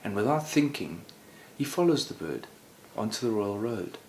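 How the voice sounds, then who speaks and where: Low-voiced man telling a story. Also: normal speed. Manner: relaxed and conversational, many "sort of" asides. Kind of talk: oral storytelling. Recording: roomy echo, faint background noise.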